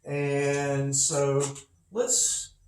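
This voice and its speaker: A man's voice: mid-range voice, drawn-out words, darkish tone. Rambling male physics teacher, echoey room. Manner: rambling, chatty, with many asides. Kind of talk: casual recorded lecture. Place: home. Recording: echoey room, faint noise.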